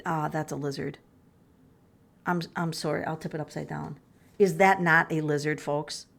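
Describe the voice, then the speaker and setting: A woman's voice: low-pitched, fairly even intonation, moderate pace, vocal fry. A middle-aged woman doing a tarot reading on camera, thinking aloud with exclamations and many fillers. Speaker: tarot reader. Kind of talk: casual tarot reading vlog.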